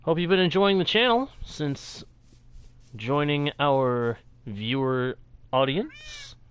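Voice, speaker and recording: A man's voice: a little high, huge pitch swings, slow, fairly bright tone, a little hiss or hum. A man streaming a video game, chatting casually and greeting viewers from chat in a friendly way. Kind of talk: live gameplay commentary with chat greetings.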